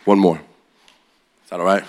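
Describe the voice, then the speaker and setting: Fired-up male preacher telling stories. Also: sits low. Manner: energetic, builds to loud excited peaks; slow and quiet when praying. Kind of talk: sermon storytelling.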